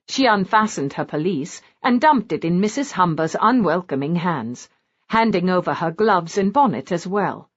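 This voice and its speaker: A woman narrating a romance audiobook in an expressive, lively reading style. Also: on the low side, normal speed. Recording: dull lo-fi audiobook recording.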